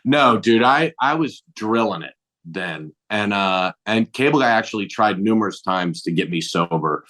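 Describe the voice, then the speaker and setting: A man's voice: fairly low pitch, animated, moderate pace, a bit bright. A middle-aged male comedian telling stories in casual chat, acting out the dialogue and swearing lightly. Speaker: comedian guest. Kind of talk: casual storytelling.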